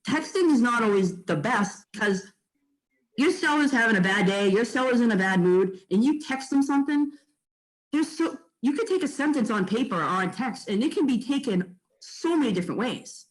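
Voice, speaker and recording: Blunt, animated agent. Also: mid-range voice, normal speed, poor audio. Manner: blunt and animated, with frequent fillers and mild swearing. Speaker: real estate agent. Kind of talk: casual training talk to fellow agents.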